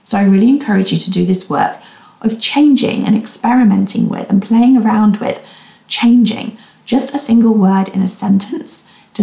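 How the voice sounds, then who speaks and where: Gravelly woman coaching gently. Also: medium pitch. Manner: gently guiding, asks the listener questions. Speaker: podcast host and weight-loss coach. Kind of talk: reflective solo podcast talk. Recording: roomy, slightly dull recording.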